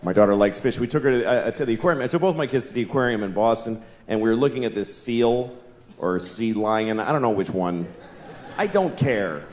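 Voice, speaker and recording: A middle-aged man performing a stand-up comedy set on a live stage, blunt and deadpan, breaking into voiced asides. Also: medium pitch, brisk. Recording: echoey live venue, noisy crowd ambience.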